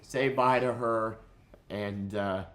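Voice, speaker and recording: Stuffy-nosed man with a very deep voice. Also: fairly even intonation, takes it slowly, fairly bright tone. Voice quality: nasal. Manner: rambling and candid, with many fillers and restarts. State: under the weather, stuffy-nosed. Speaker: channel host reviewing a film. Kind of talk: casual spoken review.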